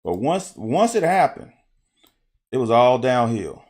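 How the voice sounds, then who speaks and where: Animated man breaking down football film. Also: medium pitch. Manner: animated storytelling, profane, quick laughs. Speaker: football analyst. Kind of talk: casual film-breakdown talk.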